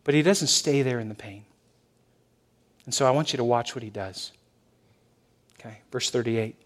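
A male pastor preaching a sermon in a church, shifting between loud emphasis and hushed softness. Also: medium pitch, normal speed. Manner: expressive, swings from loud to hushed.

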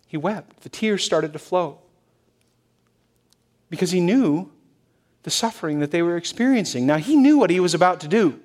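A male pastor preaching a sermon in a church, shifting between loud emphasis and hushed softness. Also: high-pitched, moderate pace, pauses often. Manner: expressive, swings from loud to hushed.

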